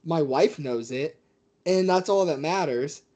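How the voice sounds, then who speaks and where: A man who works as a fight commentator, telling stories as a guest in a casual interview with a mid-pitched voice. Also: unhurried. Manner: animated storyteller.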